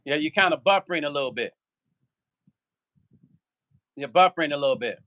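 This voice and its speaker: A man's voice: fairly high pitch, animated, a little fast, a bit bright. A man vlogging in a heated, profane rant, repeating himself and firing rhetorical questions. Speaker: musician.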